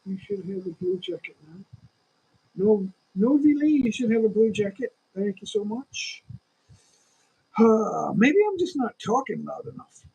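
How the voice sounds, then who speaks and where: A man's voice: sits high, animated, unhurried, gravelly, darkish tone, slightly rough, low-quality recording. A man in his sixties with a lingering cough, hosting a casual livestream and chatting in a rambling, opinionated way straight to his viewers. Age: 60s. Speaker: livestream host.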